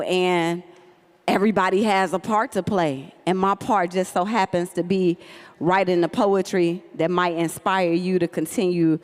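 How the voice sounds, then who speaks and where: A woman's voice: fairly low pitch, clear, resonant tone. Woman, Chicago accent, poet, call-and-response with the crowd, echoing hall. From South Side of Chicago. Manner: warm call-and-response with the audience. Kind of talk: stage greeting before a poetry set. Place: large event hall. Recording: reverberant hall.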